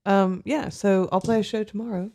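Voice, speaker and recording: Brief: woman player in a tabletop game, mid-pitched, bubbly and eager. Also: steady tone, normal speed, mellow. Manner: bubbly, laughs often, polite in character. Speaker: player, a bard. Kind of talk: tabletop role-play.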